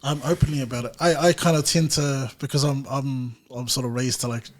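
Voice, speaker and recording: A man's voice: medium pitch, fairly even intonation, fairly quick. Thoughtful young man hosting a chat. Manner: thoughtful, hedging with fillers. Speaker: podcast host. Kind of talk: casual interview chat.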